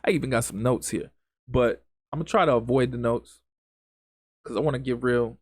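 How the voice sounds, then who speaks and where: A man's voice: medium pitch, a little fast. A man hosting a solo podcast, speaking in an impassioned, emphatic way with lots of repetition and casual grammar. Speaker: podcast host.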